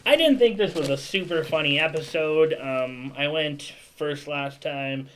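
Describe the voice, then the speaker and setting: A man's voice: on the high side, a little slow, a bit bright, slight background noise, rough recording. A man hosting a casual podcast, running the segments and handing turns to his co-hosts. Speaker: podcast host.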